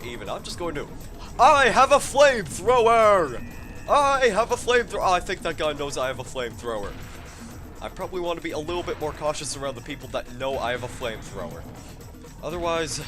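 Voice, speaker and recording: A young man giving playful commentary over a shooter game, swinging between excited outbursts and mock-calm asides. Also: mid-range voice. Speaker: gaming commentator. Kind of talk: casual let's-play commentary. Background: game music.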